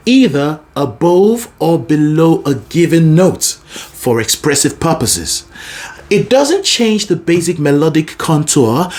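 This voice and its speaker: A man teaching a singing lesson as a vocal coach, talking in an expressive, demonstrative way. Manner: expressive, demonstrative, lively pitch.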